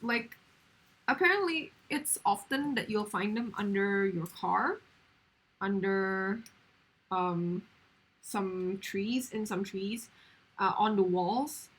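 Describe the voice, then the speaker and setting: Husky, chatty woman streamer. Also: mid-range voice, slow pace, long pauses, poor audio. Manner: chatty rambling storyteller with many fillers. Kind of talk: casual chat on a live stream.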